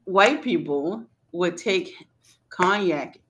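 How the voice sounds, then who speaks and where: Podcast co-host, woman, bright forceful tone, animated casual storyteller who laughs easily. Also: lowish voice, takes it slowly. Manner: animated, laughing often, colloquial.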